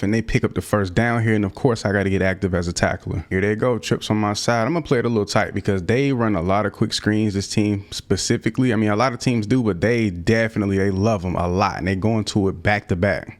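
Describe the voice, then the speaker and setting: Young guy narrating his football game, lowish voice, loose slangy play-by-play, yells when stuff goes wrong. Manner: casual slang-heavy play-by-play, frequent excited outbursts. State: out of breath. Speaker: gaming YouTuber. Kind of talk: live gameplay commentary.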